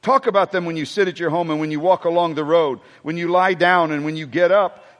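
A man's voice: on the high side, fairly quick. A man preaching a sermon to a congregation, joking and asking the room questions as he goes. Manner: animated preaching with humor and asides to the congregation. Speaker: pastor. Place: church sanctuary before a congregation. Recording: long hall reverb.

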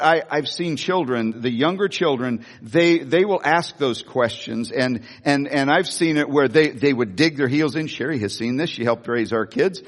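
An older male pastor preaching to his congregation, telling homey stories with lots of stumbling restarts. His voice sits in a middle register. The sound carries a long reverb, as in a large hall. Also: medium pitch. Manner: folksy storytelling with repeated restarts. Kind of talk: sermon. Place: church sanctuary.

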